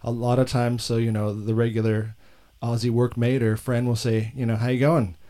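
A man's voice: medium pitch, flat delivery, normal speed, warm tone. An American man hosting a casual chat show, joking and self-deprecating. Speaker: podcast host.

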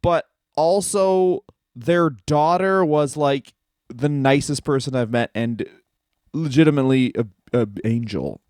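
A man's voice: medium pitch, measured pace, a little mellow, no room sound, clean studio sound. Joking man riffing on a podcast. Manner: riffing, jokey, acts out quoted voices. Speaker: comedian podcast co-host. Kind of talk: casual comedic chat.

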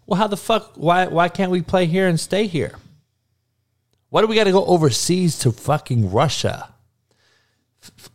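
This podcast host's voice sits at a medium pitch. He's live on air, swearing constantly as he rants bluntly, repeating lines to hammer them home and naming listeners directly.

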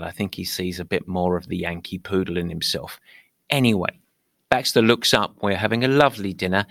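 A man's voice: fairly low pitch, a bit bright, no echo, clean studio sound. A British man hosting a podcast, talking playfully with theatrical mock indignation. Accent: British English. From England. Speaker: podcast host. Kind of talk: upbeat podcast monologue.

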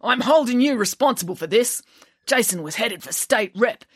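A woman's voice: on the high side, expressive, moderate pace, breathy edge, dry recording, clean studio sound, voice pushed up. Woman voicing burly middle-aged father, angry, demanding, storybook reading.

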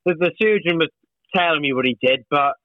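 A man's voice: on the high side, fairly quick, no echo, dull audio. A Welsh man, a boxer, telling jokey stories in a casual chat. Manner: excitable, jokey storyteller. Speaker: boxer guest.

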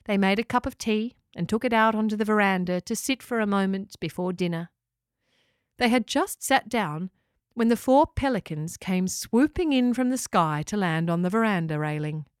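A woman narrating a children's story and hosting her podcast in a calm, gentle way. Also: mid-range voice, moderate pace, smooth, no echo, clean studio sound.

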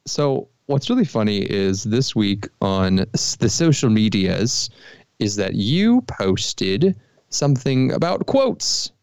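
Brief: lower-voiced man hosting a quiz on a call, joking and teasing; dead-dry sound. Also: big pitch swings, takes it slowly, a little mellow, clear, resonant tone, no room sound. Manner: playful, teasing, slips into silly voices. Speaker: podcast co-host running a quiz game. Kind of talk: casual chat, quiz hosting. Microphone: remote call.

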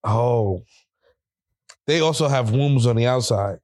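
A man co-hosting a casual podcast, animated and quick to swear, often mimicking other people mid-story. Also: medium pitch, no room sound, clean studio sound. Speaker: podcast co-host. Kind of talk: casual chat.

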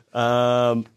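A man's voice: mid-range voice, slight background noise. A man hosting a podcast in casual chat, telling stories and laughing often. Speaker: podcast host.

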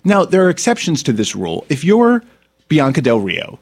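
A man's voice: fairly high pitch, wildly swooping pitch, normal speed. A man hosting a podcast, a former comedian, ranting in a blunt, profane, indignant way. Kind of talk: casual podcast rant.

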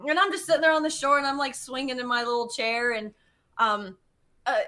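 A woman guest telling personal stories in a chatty, animated way, full of fillers and casual swearing. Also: high-pitched, a little fast. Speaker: podcast guest, geologist. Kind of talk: casual storytelling.

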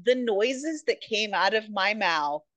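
A woman co-hosting a casual book podcast, retelling scenes with lively quoted voices and laughter. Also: mid-range voice, slow pace, dry recording. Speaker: podcast co-host.

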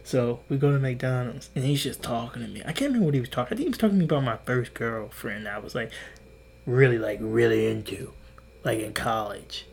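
A young man in his twenties hosts a podcast, his mid-range voice gravelly and quick, with slight background noise behind it. He rambles through profane stories in a casual monologue, restarting often and acting out quotes.

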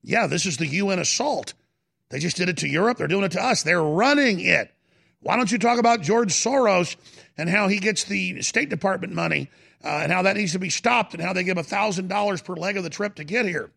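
Gravelly ranting talk-radio host. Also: male voice, high-pitched, a little fast, a bit bright. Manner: fervent, ranting, repeats himself.

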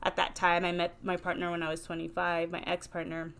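A woman's voice: lowish voice, completely flat delivery, a little fast, creaky, fairly bright tone, clear, resonant tone. Chatty woman podcast host. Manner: chatty, ranting, lots of fillers. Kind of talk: casual chat.

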